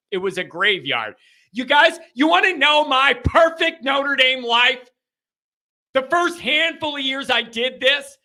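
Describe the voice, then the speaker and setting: A man hosting a live call-in sports show, chatting casually and telling stories in animated, rambling bursts. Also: very high voice. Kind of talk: casual live-stream chat and storytelling.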